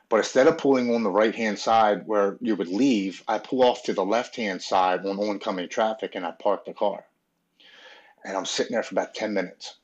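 A man from Maryland, a podcast guest, telling his own recovery story in an earnest, halting, emotional way. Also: lowish voice. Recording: dull, muffled audio.

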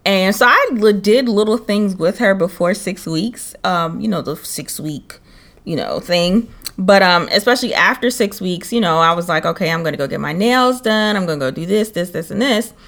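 Sassy, animated young woman podcaster. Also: medium pitch, moderate pace. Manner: animated storytelling, sassy asides. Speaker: podcast co-host. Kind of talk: casual chat.

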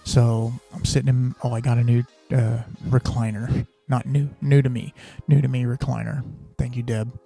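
A man's voice: medium pitch, little pitch movement, moderate pace, creaky, few pauses, warm tone, slightly rough, faint music behind. A man hosting a podcast, telling a personal story in a rambling, casual way, full of fillers and restarts. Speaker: podcast host.

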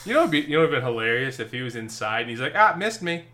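Brief: male co-host, bright and forceful voice, laughs often, casual game talk. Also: medium pitch, very fast. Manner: laughs often, hesitant with ums. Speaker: podcast co-host. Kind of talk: casual gaming chat.

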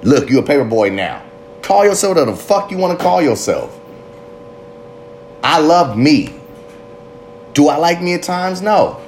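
A man's voice: a little high, big pitch swings, normal speed, long pauses, darkish tone, a little hiss or hum. A man giving a fiery, profanity-laced motivational monologue about addiction and recovery. He rambles, goes off on tangents and speaks with raw passion.

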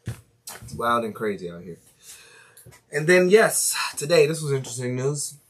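A man's voice: mid-range voice, very animated, husky. Loose, chatty male podcast host. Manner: loose and chatty, swears freely; reads news aloud haltingly. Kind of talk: casual solo podcast chat and news reading.

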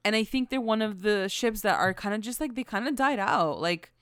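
A woman with a smooth, crisp voice, recorded dry and close. She chats casually as a podcast co-host, using lots of "like" as she goes. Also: medium pitch, lively intonation, fairly quick, a bit bright, no room sound. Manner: chatty, filler-heavy with frequent "like". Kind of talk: casual chat.

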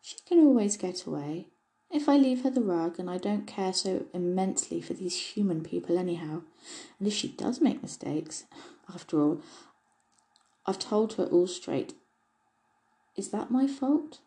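Woman voicing a little male elf, chuckling, droll, kindly mischief, higher than her own voice, mellow tone, storybook. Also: animated, measured pace, poor audio. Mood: confiding. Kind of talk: storybook reading.

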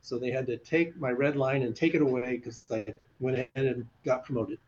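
Speaking a little fast in a mid-range voice, an older retired fighter pilot tells animated stories in an interview, acting out the voices of the people he quotes. The audio has its highs cut off and slight background noise.

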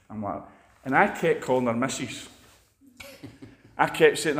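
A Scottish man preaches in a loose, chatty sermon, spinning stories as he goes. His voice sits at a middling pitch. The recording carries a noticeable roomy echo. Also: expressive, normal speed. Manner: chatty, anecdotal storytelling. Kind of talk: conversational sermon.

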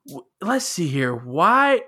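A man with a bright, fairly high voice co-hosts a casual podcast. His pitch swings widely as he chats, laughs often and reads listener questions aloud. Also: very animated, slow pace, slight background noise. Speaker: podcast co-host. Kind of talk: casual chat.

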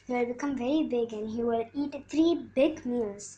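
Fast-talking woman retelling a book. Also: a little high, mellow, muffled recording, slight background noise. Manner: mixes English and Tamil, hesitant with many restarts. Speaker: vlogger.

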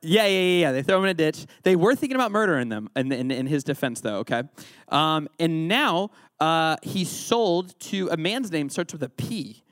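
A man's voice: a little high, lively intonation, normal speed, fairly bright tone, no room sound, studio quality. Playful joking youth pastor man. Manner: playful, joking, quizzes the audience. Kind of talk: interactive Bible lesson sermon.

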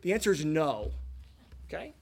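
A man's voice: fairly high pitch, sing-song, normal speed, creaky. A male pastor preaching a sermon in a conversational style, often restarting his sentences and asking the congregation questions.

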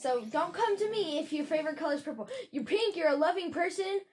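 High-voiced woman, blunt n sweary, mock-ranting on a podcast. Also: lively intonation, fast talker. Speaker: podcast co-host. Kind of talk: casual chat.

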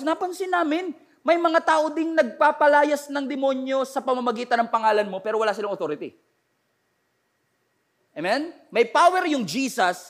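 A middle-aged man with a Filipino accent, preaching a sermon in a mix of Filipino and English, calling out to the congregation and now and then building up to shouts. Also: very high-pitched. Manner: preaching with call-and-response, rising to shouts. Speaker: pastor.

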